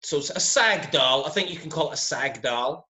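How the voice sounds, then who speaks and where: A man's voice: a little high, animated, normal speed, bright, forceful tone. A man from Scotland with a Glaswegian accent, a podcast guest joking dryly. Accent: Scottish, Glaswegian. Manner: dry, teasing humor. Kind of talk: casual podcast chat.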